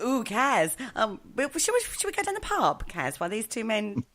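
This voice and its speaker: Playful woman with a lively voice. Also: a little high, moderate pace. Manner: playful, teasing, laughs often. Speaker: host. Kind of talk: casual podcast chat.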